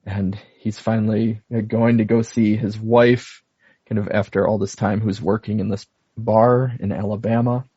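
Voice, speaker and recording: Husky man recapping a movie. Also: on the low side, little pitch movement, moderate pace, mellow, dry recording. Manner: laughs often, recapping the plot. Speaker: podcast co-host. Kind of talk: casual movie podcast chat. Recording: dull dry home recording.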